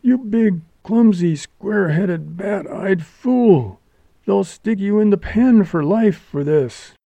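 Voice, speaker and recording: A man voicing an angry, wounded young woman, scolding in a shrill, furious way. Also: animated, slow, gravelly, mellow, no room sound, highs cut off, full character voice.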